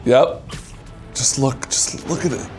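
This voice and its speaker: A man with a mid-pitched voice walks a friend through a video game in loose, casual commentary. He sounds eager as he explains, with faint game music behind him. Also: slow pace, a little mellow. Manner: eager, explaining while playing. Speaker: host demonstrating a video game.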